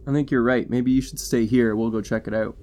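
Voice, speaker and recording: A man's voice: medium pitch, fairly even intonation, fairly quick, a little mellow, slight background noise. A man playing a tabletop game, chatting casually and playfully with a somewhat hesitant manner. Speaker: player.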